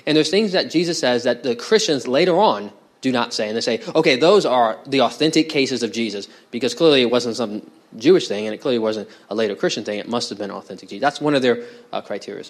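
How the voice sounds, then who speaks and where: Male pastor, mid-pitched voice, casual preaching style that quizzes the room. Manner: conversational, asks the congregation questions. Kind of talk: expository sermon.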